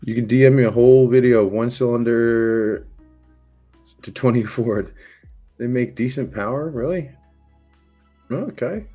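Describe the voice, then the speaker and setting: A man's voice: medium pitch, unhurried, pauses often, mellow, breathy edge, faint music behind. A man streaming live, chatting casually and rambling as he answers and reads out viewers' messages. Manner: rambling, talks to chat and reads their messages aloud.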